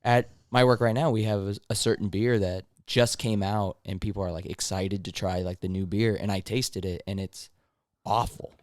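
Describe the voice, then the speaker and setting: A young man with a low voice tells comic stories from his serving days in a relaxed podcast chat. He swears freely and slips into quick voices of the customers. The sound is close and dry. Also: dry recording. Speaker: comedian guest.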